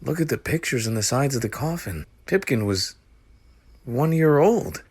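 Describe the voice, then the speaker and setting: A man voicing a curious twelve-year-old boy who chatters quickly and eagerly. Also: mid-range voice, lively intonation, darkish tone, breathy edge, pitched above the performer's own voice.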